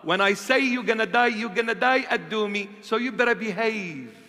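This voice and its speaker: A man's voice: high voice, normal speed, pushed and bright. A man voicing God, who solemnly warns Adam of the penalty for disobedience. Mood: stern warning. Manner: solemn, emphatic warnings. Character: stern never-changing God warning Adam. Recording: echoey church hall.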